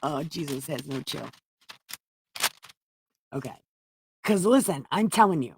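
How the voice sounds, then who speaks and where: A woman's voice: sits low, animated, moderate pace, pauses often, darkish tone, slightly rough, no echo, studio quality. A woman hosting a comedic Bible reading, paraphrasing with profane jokes. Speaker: host reading the Bible aloud.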